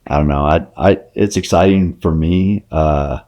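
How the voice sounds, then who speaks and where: Deep-voiced man, rambling podcast host. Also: darkish tone, muffled recording. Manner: rambling, halting, many fillers. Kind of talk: casual podcast chat.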